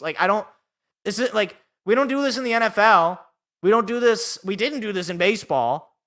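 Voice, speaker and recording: A man's voice: high-pitched, pushed and bright. A young man hosting a live sports podcast alone, ranting in an exasperated, sarcastic way.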